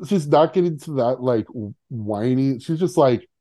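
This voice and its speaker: A man co-hosting a casual podcast, his voice dark and mellow. He rambles with plenty of fillers and drops into quick impressions of characters. The sound is close and dry. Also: medium pitch, lively intonation, no echo. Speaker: podcast co-host.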